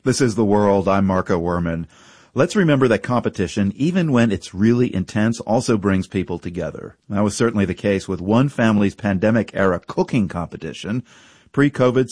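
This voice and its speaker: A male radio host introducing a segment in a measured, conversational way. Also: fairly low pitch, a little mellow, no echo.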